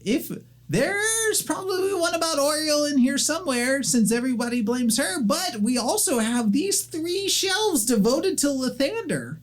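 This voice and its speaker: A jittery young gnome librarian, squeaks along in quick nervous bursts. His voice sits far above the performer's own and jumps around restlessly. This is a tabletop game voice. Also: expressive. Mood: chatty. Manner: high, jittery, rushed chatter.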